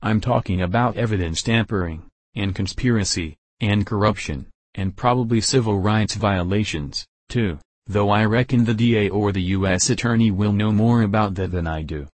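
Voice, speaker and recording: Man doing a steady, drawling deputy. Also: lowish voice, normal speed, hardly any pauses, no echo, lightly acted. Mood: calm. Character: plainspoken Southern deputy, steady and dutiful.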